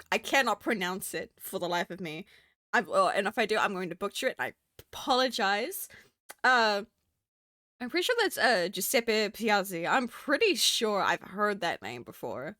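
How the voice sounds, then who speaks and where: A woman's voice: medium pitch, sing-song, normal speed, sharp tone, no echo, studio quality. A woman from New Zealand with a Kiwi accent, chatting casually on a stream and laughing often at herself. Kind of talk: casual stream chat while drawing.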